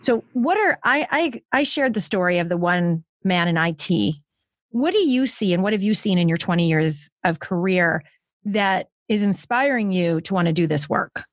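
A woman hosting a podcast interview as a coach, speaking in a reflective, affirming way with drawn-out phrasing. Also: fairly low pitch, animated, dry recording, studio quality. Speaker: host and life coach.

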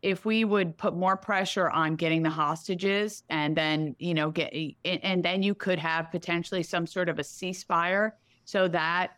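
A woman speaks bluntly and emphatically in an interview, piling one thought onto the next. Her voice sits a little low for a woman. The sound is dry and close, with no room around it. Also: steady tone, normal speed, few pauses, a bit bright, no echo. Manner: blunt, emphatic, talks in run-on bursts. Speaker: real estate executive. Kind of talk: candid interview talk.

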